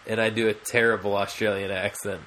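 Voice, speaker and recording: A man's voice: on the low side, little pitch movement, fairly quick, a bit bright, slight background noise. A man co-hosting a podcast in casual chat, rambling with many fillers and restarts. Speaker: podcast co-host.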